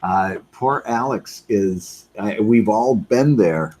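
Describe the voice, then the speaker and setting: A middle-aged man with a low, husky voice talks loosely over a live drawing stream. He rambles, doubles back on his words and reads chat messages aloud between thoughts. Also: slow, mellow. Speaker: webcomic artist livestreaming. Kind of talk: casual livestream chat while drawing. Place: home studio.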